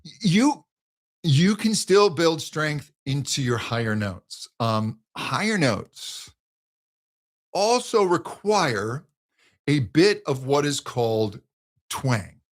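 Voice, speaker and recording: A man with a slightly high voice and big pitch swings teaches singing in a live question-and-answer session, taking it slowly. Thoughtful, he restarts phrases as he explains and breaks into sung exercises.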